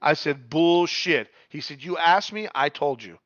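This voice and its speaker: A middle-aged man telling a story in casual chat, animated, repeating words and swearing freely. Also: on the high side, normal speed, dry recording, lo-fi sound.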